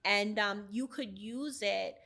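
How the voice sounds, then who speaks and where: A woman's voice: mid-range voice, creaky, bright, forceful tone. A middle-aged woman talking earnestly about healing as a guest on a podcast interview. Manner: earnest, measured, speaks with conviction. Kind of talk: candid interview talk.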